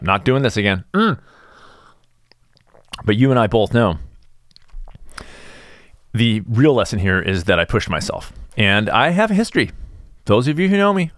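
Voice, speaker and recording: A middle-aged man hosting a casual solo podcast, rambling through self-deprecating asides and animated tangents. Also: on the low side, normal speed, pauses often, dry recording, studio quality. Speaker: podcast host.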